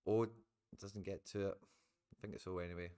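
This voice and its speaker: Scottish guy doing a live footy watchalong, lowish voice, chatty, talks to the chat like mates. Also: flat delivery, brisk, warm tone, clean tone. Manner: chatty, swears, talks to viewers as guys. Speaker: live football watchalong streamer. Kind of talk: casual live match commentary.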